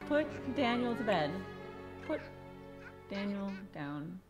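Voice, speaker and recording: A woman's voice: medium pitch, sing-song, drawn-out words, over music. A woman hosting a casual gaming video, talking to herself as she plays, often exclaiming and laughing. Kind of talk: casual let's-play commentary. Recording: background noise.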